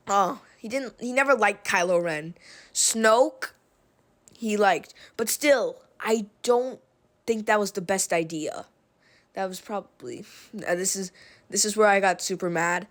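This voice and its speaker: A woman's voice: mid-range voice, fairly bright tone. A woman ranting about a film in a casual, sarcastic, rambling way, often exasperated. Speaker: video essayist. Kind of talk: opinionated casual film rant.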